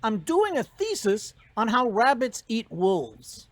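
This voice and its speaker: A speaker voicing a smug male rabbit writing a thesis, in a joke told during a speech, calm and matter-of-fact. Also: medium pitch, slow, no echo.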